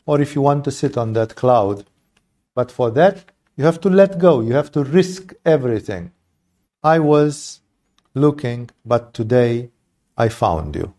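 Spiritual teacher, male, mellow warm tone, impassioned and blunt, swears, rhetorical asides. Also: medium pitch. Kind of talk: satsang talk on poetry.

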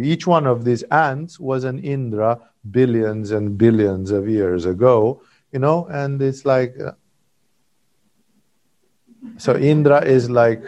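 A man's voice: mid-range voice, takes it slowly, a little mellow. A man giving a satsang talk as a spiritual teacher, telling a story in a rambling, digressive way and checking in with "no?" and "you know".

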